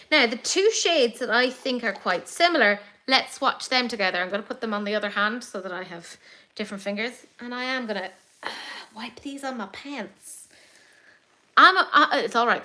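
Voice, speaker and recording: A woman's voice: mid-range voice, bright, forceful tone. An Irish woman hosting a casual live makeup chat from home, rambling into self-deprecating asides. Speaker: beauty YouTuber host.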